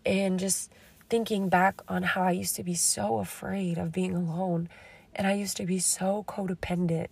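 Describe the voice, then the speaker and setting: A young woman hosts a casual self-help podcast with a little rasp from a cold. Her voice has a gravelly fry and a middling pitch. She talks fast and openly, swearing freely like she's chatting with a girlfriend. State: slightly sick and raspy. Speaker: podcast host.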